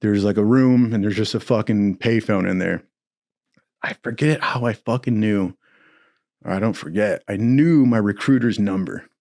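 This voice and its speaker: A man's voice: fairly low pitch, normal speed. A young man from Southern California, casually telling a long personal story, swearing often and acting out the voices of the people in it. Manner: profane, animated, acts out quotes in other voices.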